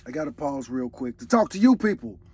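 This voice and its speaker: Man, 40s, reaction host; high, raspy voice, preachy and heartfelt. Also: big pitch swings, brisk, darkish tone, no room sound, faint music behind. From Chicago. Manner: earnest, preachy, reflective. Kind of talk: casual reaction commentary.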